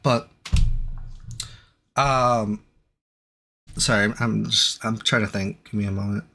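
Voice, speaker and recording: Hesitant man giving a halting apology. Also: lowish voice, fairly even intonation, sharp tone, soft background music. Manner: hesitant, halting, many restarts and fillers. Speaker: streamer. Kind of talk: apology stream.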